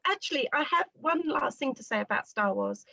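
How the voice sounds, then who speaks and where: A woman with a somewhat high voice hosts a casual podcast chat, leading it with friendly questions. Her voice sounds dry and close, with no room echo. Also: expressive, a little fast, creaky, pushed and bright. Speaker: podcast host.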